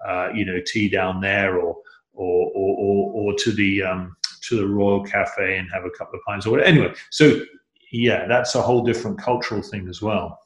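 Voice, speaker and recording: A man's voice: on the low side, fairly even intonation, moderate pace, echoey room. A middle-aged man chatting as an interview guest, rambling and enthusiastic, often restarting his sentences. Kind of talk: casual interview chat.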